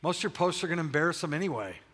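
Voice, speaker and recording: Racing through his words, an older pastor preaches in a large church and recounts his own story frankly, with frequent restarts. His voice is a little high, expressive and fairly bright, carried by long hall reverb.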